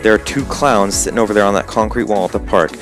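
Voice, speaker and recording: Teen boy, lowish voice, rambly storytelling, faint music under it. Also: quick pace. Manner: rambling, full of "like" and "um". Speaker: gaming channel host. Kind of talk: casual storytelling to camera.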